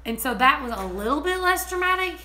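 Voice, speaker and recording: A woman chatting casually on her vlog, giggly and excitable. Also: sits high, brisk, faint music behind. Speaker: homesteading vlogger. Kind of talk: casual chat.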